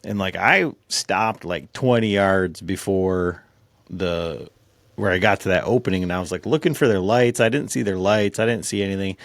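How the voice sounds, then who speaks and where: Male podcast host, gravelly with a dry close sound, animated casual storyteller. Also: deep voice, normal speed, dry recording. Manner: animated, laughing retelling with many fillers.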